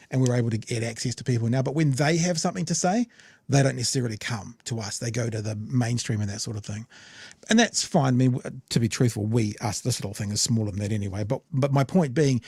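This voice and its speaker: A New man hosting a podcast and talking through the news in a rambling, casual way, full of restarts and asides. His voice sits in a middle pitch. The sound is close and dry. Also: a little mellow, husky, dry recording. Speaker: podcast host. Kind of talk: casual commentary.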